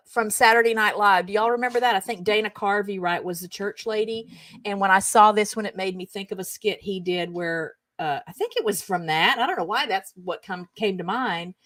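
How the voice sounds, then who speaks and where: Recorded dry, a middle-aged woman with a medium-pitched, somewhat bright voice hosts her own show, casually reading humorous texts aloud and chatting between bursts of giggles.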